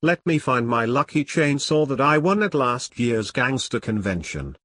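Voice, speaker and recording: A man's voice: medium pitch, big pitch swings, moderate pace, a bit bright, no room sound. A man voicing a foul-mouthed, hot-headed male gangster who rants profanely, read close to the mic. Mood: gruff.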